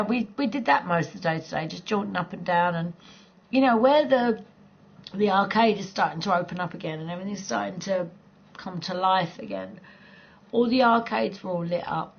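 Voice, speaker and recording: Gravelly woman chatting on stream. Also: medium pitch, lively intonation, fairly quick, dull audio. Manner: rambling, swears a lot, laughs often. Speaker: live streamer chatting with viewers. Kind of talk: casual chat on a gaming stream.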